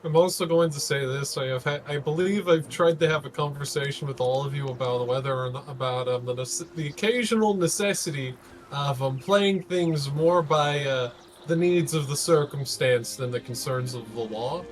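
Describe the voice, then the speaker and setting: A man voicing a morally flexible male ship officer with a put-on Russian accent who speaks in smooth, evasive terms. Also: a little high, moderate pace, natural voice, poor audio. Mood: sly.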